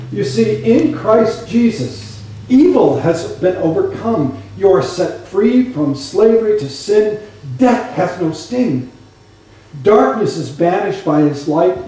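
Guy pastor preaching, kinda high voice, animated storytelling, heard from a ways off the mic. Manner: animated storytelling, conversational asides. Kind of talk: sermon. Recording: echoey room, voice from a distance.

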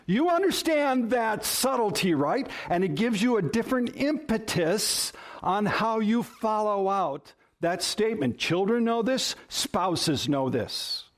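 A man's voice: high-pitched, animated, measured pace. Emphatic male pastor preaching. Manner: emphatic, varies stress and pace for effect. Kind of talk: sermon.

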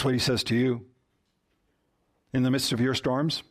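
A man preaching a sermon, deliberate, dropping low and soft on key words. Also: fairly even intonation. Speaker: pastor.

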